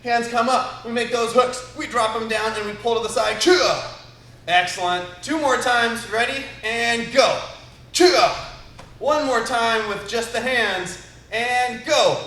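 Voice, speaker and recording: A man's voice: very high voice, a little slow, sharp tone. A man teaching a live online karate class for kids, upbeat and encouraging as he calls out counts and commands, filmed in a martial arts studio by a camera a few steps away. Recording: roomy studio echo.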